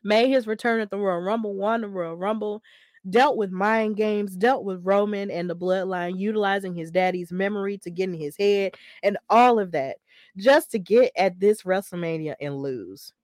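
A woman's voice: mid-range voice, moderate pace, no room sound, studio quality. Emphatic woman podcast host. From Alabama. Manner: animated, emphatic and repetitive, venting frustration. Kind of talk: casual wrestling podcast chat.

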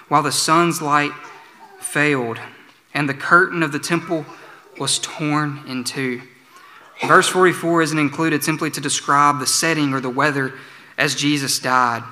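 A man preaching a sermon as pastor, earnest, slowing for emphatic pleas. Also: on the high side, sharp tone. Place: church sanctuary. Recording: church sanctuary with long reverb.

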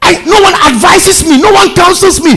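A man's voice: normal speed, vocal fry, pushed and bright, long reverb tail, faint music behind, heavily acted. A man preaching acts out God as a stern, sovereign voice declaring his will. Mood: commanding. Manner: booming and declaring.

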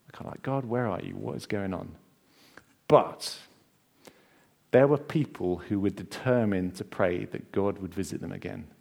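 Male preacher, slightly low voice, conversational storytelling with asides. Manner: chatty, jokey asides to the congregation. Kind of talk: sermon storytelling.

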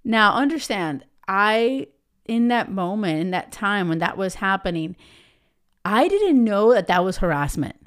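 Chatty woman with a smooth voice. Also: medium pitch, big pitch swings, measured pace. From United States. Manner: chatty, with many fillers like "right?" and "you know". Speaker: podcast host. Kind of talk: personal storytelling monologue.

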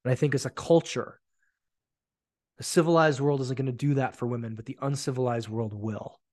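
A man's voice: medium pitch, steady tone, brisk, a little mellow, no room sound. Blunt, profane man on a dry mic. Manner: blunt, profane, emphatic storytelling. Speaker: podcast host. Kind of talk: solo podcast monologue.

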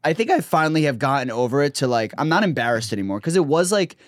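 Animated man telling a story. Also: quick pace, no echo, clean studio sound. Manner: animated storyteller, jumps into high voices for quoted people. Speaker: guest. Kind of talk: casual storytelling.

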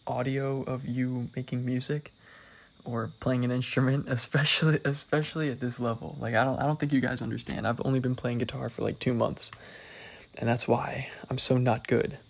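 A young man talks through a loose solo podcast, wandering from thought to thought and poking fun at himself with a dry, wry edge. His mid-pitched voice carries a gravelly fry. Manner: rambling, self-deprecating, wry. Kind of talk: casual solo podcast monologue.

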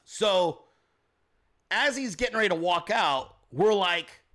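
High, bright-voiced man telling a story. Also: takes it slowly. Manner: animated, acts out quotes, swears casually. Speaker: podcast host. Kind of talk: casual storytelling chat.

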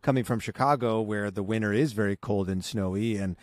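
A man from Southern California co-hosting a casual podcast, playful and animated as he tells stories. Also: lowish voice, fairly quick, no echo, clean studio sound. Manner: playful, animated storytelling with acted-out quotes. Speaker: podcast co-host. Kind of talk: casual chat.

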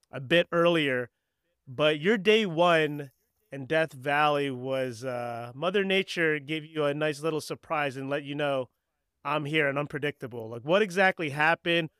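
Guy hosting an outdoors podcast, smooth clear voice, kinda high, dry mic. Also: no room sound. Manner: relaxed, supportive backchannels. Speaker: podcast host. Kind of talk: casual interview questions.

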